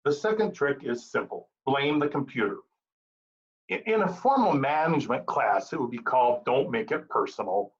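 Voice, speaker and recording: A man giving a prepared, humorous club speech with an animated storytelling delivery. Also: medium pitch, normal speed, lo-fi sound. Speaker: Toastmasters speaker.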